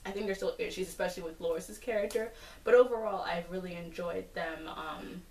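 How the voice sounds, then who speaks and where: A woman chats through an episode recap, rambling with fillers and animated asides. Her voice sits on the lower side, and she sounds set back from the mic in a roomy space. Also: far from the mic. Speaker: TV episode reviewer.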